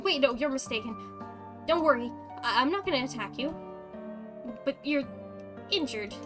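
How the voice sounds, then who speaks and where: A woman's voice: sits high, expressive, normal speed, music in the background. A woman voicing a confused young human man who stammers in bewilderment. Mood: bewildered.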